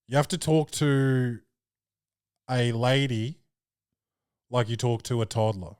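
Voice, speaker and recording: A man's voice: medium pitch, slow, a little mellow, clear, resonant tone, no room sound. Slangy young man, dry sound. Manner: loose, slangy, jokey storytelling. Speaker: podcast host and comedian. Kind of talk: casual podcast chat.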